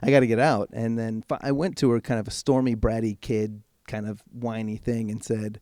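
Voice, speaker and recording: Dark-voiced man telling a candid story. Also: fairly low pitch, fairly even intonation, no echo, clean studio sound. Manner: frank and casual, swears freely; slows right down for emphasis. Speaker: podcast guest. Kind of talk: candid personal storytelling in conversation.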